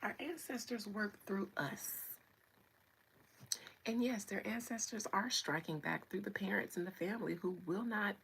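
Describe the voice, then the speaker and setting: A woman's voice: mid-range voice, a little slow, vocal fry, a bit bright, a little hiss or hum. A woman hosting a livestream, chatting playfully with viewers and greeting them by name. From United States. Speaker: livestream host. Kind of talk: casual chat with viewers.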